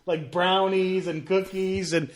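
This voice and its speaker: Higher-voiced man chatting loosely. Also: slow. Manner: relaxed, many fillers like "like" and "um". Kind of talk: casual podcast chat.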